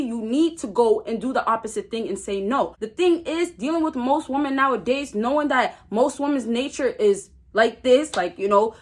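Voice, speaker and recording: Blunt young woman giving dating advice. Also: fairly high pitch. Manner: blunt, emphatic, repeats key phrases. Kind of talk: casual advice monologue to camera.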